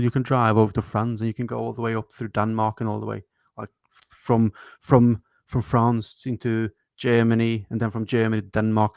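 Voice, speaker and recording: A man's voice: on the low side, creaky, darkish tone, no room sound. A man co-hosting a football podcast, chatting casually in a hesitant, filler-heavy way and swearing now and then. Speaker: podcast co-host.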